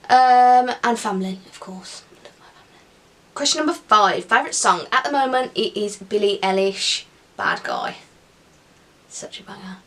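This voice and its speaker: A woman's voice: mid-range voice, creaky. A young woman chatting casually to camera in an upbeat Q&A vlog, with giggly asides. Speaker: vlogger.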